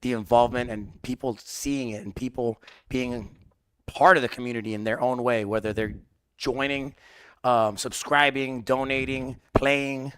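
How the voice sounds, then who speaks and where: An earnest man talks enthusiastically in a casual interview. His mid-pitched voice is smooth and sounds dry. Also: steady tone, normal speed, fairly bright tone, no room sound. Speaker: player being interviewed.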